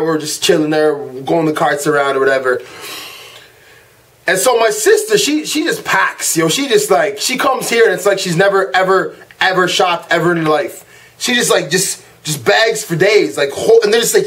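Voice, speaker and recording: Young guy ranting to camera, high voice, worked up and slangy. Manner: animated, exasperated storytelling with slang. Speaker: vlogger ranting. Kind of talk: casual rant to camera.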